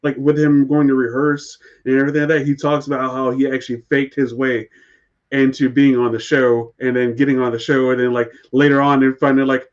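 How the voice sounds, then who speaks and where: A man co-hosting a casual podcast, telling anecdotes in an animated way and laughing often. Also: medium pitch, brisk, dull audio. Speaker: podcast co-host. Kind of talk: casual chat.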